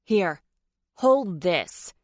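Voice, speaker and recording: Una narradora haciendo de una novia joven y mordaz. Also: female voice, lowish voice, sing-song, extremely slow, a little mellow, no echo, clean studio sound, heavily acted. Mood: defiant cutting. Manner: cutting, defiant. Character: fiery, sharp-tongued young bride.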